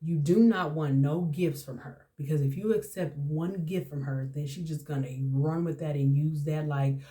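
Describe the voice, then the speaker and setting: A woman's voice: deep voice, fairly even intonation, normal speed, warm tone. A woman around forty hosting a podcast, telling a personal story in a candid, emotional way and often repeating herself. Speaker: podcast host.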